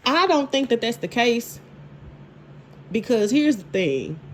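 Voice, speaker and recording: A woman, casually recapping a TV drama episode, animated and laughing, with lots of repeats and restarts. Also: fairly high pitch, slow pace, a little hiss or hum. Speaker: TV show reviewer.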